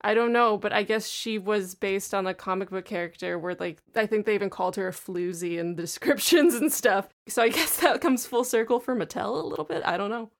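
A woman's voice: medium pitch, brisk, few pauses. Chatty laughing woman podcast co-host. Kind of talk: casual chat.

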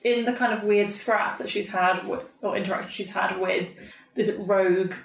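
A woman, a player in a tabletop game, chatty and quick to laugh. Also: mid-range voice, steady tone. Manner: chatty, laughs easily, lots of filler likes. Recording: echoey room.

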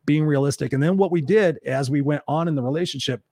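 A man's voice: on the high side, quick pace, dark tone, no room sound, clean studio sound. A middle-aged man hosting a livestream, talking earnestly and emphatically about relationships and reading out viewer comments. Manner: earnest, emphatic, quotes others in a raised voice. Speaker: livestream host. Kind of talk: motivational livestream talk.

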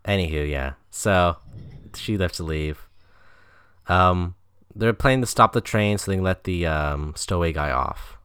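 Deep-voiced man recapping a movie plot. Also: a little slow, fairly bright tone, clean tone, dry recording, clean studio sound. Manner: laid-back plot recapping with fillers. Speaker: podcast co-host.

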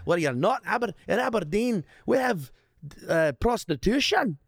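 A man's voice: high voice, very animated, normal speed, vocal fry, no room sound, clean studio sound, pitched above the performer's own voice, exaggerated voice. A man voicing a brash, indignant Scottish comic in a put-on Scottish accent. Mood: mock-indignant.

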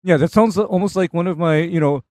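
A man co-hosting a call-in show, walking listeners through spraying methods in a measured way. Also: on the high side, darkish tone, no echo. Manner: measured, explains methods step by step. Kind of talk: casual technical talk.

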